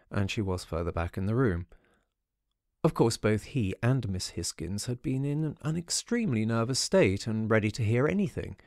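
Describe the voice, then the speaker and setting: A man narrating a first-person ghost story audiobook in a measured storytelling manner. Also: on the low side, a little mellow, dry recording, clean studio sound.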